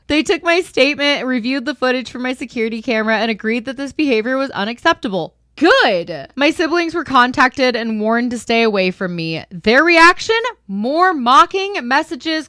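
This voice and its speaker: A woman's voice: high-pitched, sharp tone, no room sound, studio quality. A young woman hosting a show, reading online stories aloud and reacting to them in an emphatic, chatty way, speaking straight to the viewer. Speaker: host.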